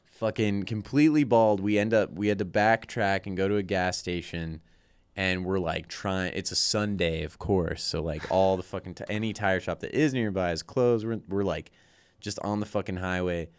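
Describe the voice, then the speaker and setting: A man with a very low, smooth and clean voice tells road stories as a guest, loose and rambling, full of filler words and curses. The tone is unhurried and conversational. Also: steady tone. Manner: rambling, swears a lot, lots of "like". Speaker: band guitarist and vocalist, guest. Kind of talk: casual tour storytelling.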